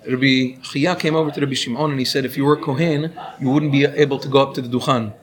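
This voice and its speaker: A man's voice: mid-range voice, steady tone, fast, a crowd in the background. A man teaching a class, explaining and asking his students questions as he goes. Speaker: Torah teacher. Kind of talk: classroom lecture on Hebrew pronunciation.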